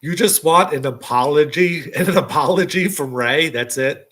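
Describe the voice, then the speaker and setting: A man, his voice pitched a little high, sits in on a casual podcast as a guest. He asks short, dry questions with quiet amusement. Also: normal speed. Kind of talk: casual chat.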